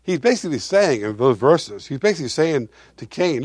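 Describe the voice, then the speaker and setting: A male pastor preaching a sermon, swinging between loud emphasis and quiet asides while asking his congregation questions. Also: a little high, sing-song, brisk, no echo, clean studio sound.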